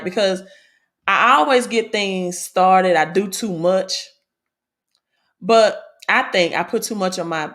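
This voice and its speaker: A woman's voice: fairly low pitch, fairly bright tone. Chatty Southern woman livestreaming. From Mississippi, American South. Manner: chatty, repeats herself, tags sentences with "right?"; reads news aloud haltingly. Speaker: livestream host on crypto and money. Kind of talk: casual livestream talk.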